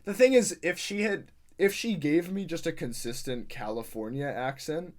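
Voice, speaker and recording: A man's voice: on the high side, darkish tone. A man co-hosting a film podcast in casual chat, talking in a loose, agreeable way. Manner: chatty, quick to agree and laugh. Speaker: podcast co-host.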